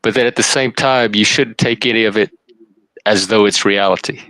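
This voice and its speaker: A man's voice: fairly low pitch, fairly even intonation, normal speed, bright, forceful tone, no echo, rough recording. A man hosting a live stream chat, explaining his point steadily and insistently. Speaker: host. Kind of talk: casual debate on a live stream.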